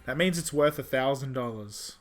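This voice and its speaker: A man's voice: medium pitch, moderate pace, soft background music. A man streaming a game playthrough, chatting casually and joking in a rambling, self-mocking way.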